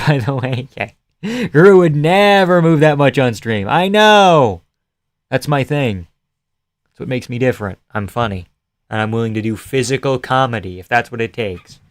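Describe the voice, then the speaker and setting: A man hosting a live stream from his home setup, chatting casually with viewers and reading their comments aloud. He jokes around and swears freely. His mid-pitched voice is smooth and resonant, recorded dry and close. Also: no room sound.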